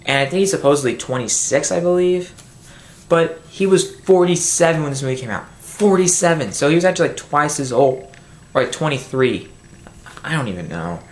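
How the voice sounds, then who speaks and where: Recorded at home on a built-in camera microphone in an echoey room, a film reviewer rants angrily about a movie. He rambles, restarts sentences and swears, speaking briskly and expressively in a voice on the high side.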